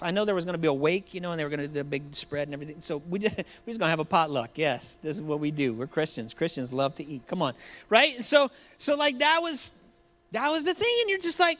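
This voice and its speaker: A man's voice: on the high side, fast, fairly bright tone. A man preaching a sermon in a church, joking and conversational, addressing the congregation directly. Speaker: pastor.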